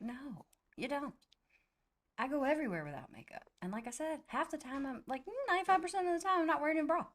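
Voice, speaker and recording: Woman, podcast co-host, casual chat, chatty, laughing often, animated pitch.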